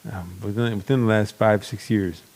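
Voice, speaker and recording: A man's voice: on the low side, fairly even intonation, normal speed, a little mellow. A young man hosting a podcast, talking in a rambling, blunt and open way with many restarts. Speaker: podcast host. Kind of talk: casual chat.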